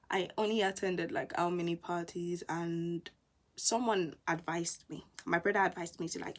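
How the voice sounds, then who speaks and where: A young woman, a university student telling stories in a casual vlog, animated and full of quoted asides. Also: fairly low pitch. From England. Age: young adult.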